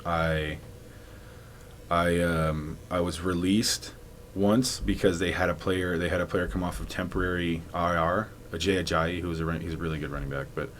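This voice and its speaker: Low-voiced man telling a rambling story. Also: steady tone, normal speed, a bit bright, a little hiss or hum. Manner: rambling, many likes and restarts, laughs often. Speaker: podcast guest, former football player. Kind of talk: casual storytelling interview.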